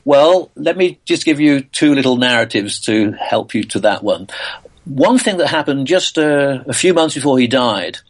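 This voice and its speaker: Older English physicist, halting and thoughtful. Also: male voice, medium pitch, lively intonation. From England. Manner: thoughtful, many uhs and restarts. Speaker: physicist and author guest. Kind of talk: interview answers.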